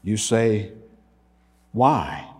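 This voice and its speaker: Slow, emphatic preaching man in a reverberant hall. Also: fairly low pitch, expressive, darkish tone, breathy edge. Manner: slow, emphatic preaching with long pauses and swells of volume. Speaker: pastor. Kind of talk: sermon.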